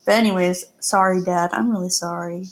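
A woman's voice: fairly low pitch, steady tone, a little fast. A teenage girl co-hosting a casual podcast, laughing easily and apologizing often as she reacts to her friend. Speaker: podcast co-host. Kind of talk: casual chat.

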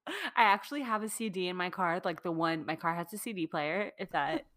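A woman's voice: on the low side, a little fast, a bit bright. A woman co-hosting a podcast in casual, playful chat. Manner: playful, jokey. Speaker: podcast co-host.

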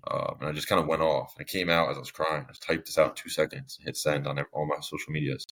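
Young guy with a super deep voice, rambling through his own story on a podcast, lots of restarts. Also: level tone, quick pace, hardly any pauses, fairly bright tone. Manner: rambling, with frequent restarts and fillers. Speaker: podcast guest. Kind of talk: candid personal storytelling.

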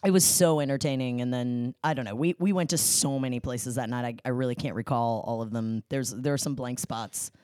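A woman guest on a podcast, casually telling a story in an animated way and laughing often as she talks. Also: very deep voice, fairly quick, few pauses, dry recording, clean studio sound.

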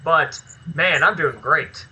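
A man guesting on a podcast, telling stories in a loose, rambling flow and swearing freely. His voice sits a bit high for a man and sounds very bright and forward, with a slight hiss underneath. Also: slow pace, rough recording. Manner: animated, profane, rambling. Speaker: filmmaker and actor guest. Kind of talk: casual podcast chat.

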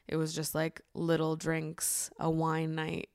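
A woman's voice: low-pitched, monotone, slow, a little mellow, smooth, dry recording, clean studio sound. A woman in her late twenties hosting a podcast, talking casually on her own, laughing often and swearing freely. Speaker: podcast host. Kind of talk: casual solo podcast monologue.

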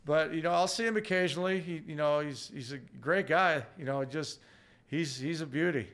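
A man, a former hockey player, telling an anecdote in a halting way with many fillers. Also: fairly high pitch, fairly bright tone. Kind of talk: casual anecdote.

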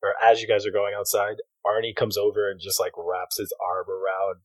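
A man's voice: lowish voice, completely flat delivery, a little fast, no room sound. A man running a tabletop game as game master, loose and laughing, with lots of swearing.

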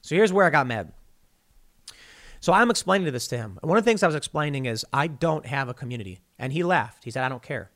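A male podcast host giving a heated monologue, animated and stammering often as he restarts his sentences. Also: on the high side, fast talker. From United States.

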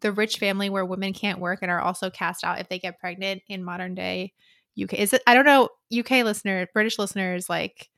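A woman's voice: mid-range voice, steady tone, brisk, no echo, studio quality. A woman co-hosting a book podcast in casual chat, retelling scenes with laughter. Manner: bright, gravelly, laughs while retelling. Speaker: podcast co-host.

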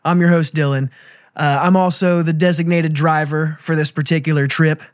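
A man's voice: a little high, level tone, moderate pace, no echo, clean studio sound. Laid-back male podcast host. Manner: laid-back, easygoing, plays along. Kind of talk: improvised comedy podcast.

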